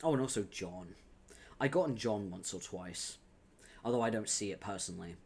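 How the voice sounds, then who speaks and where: A man streaming at his desk mic, reading a webcomic aloud and breaking off to chat with his viewers. His talk is loose and casual, full of quick laughs and offhand swearing. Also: on the low side, animated, gravelly, husky. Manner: laughs often, swears casually, chatty asides.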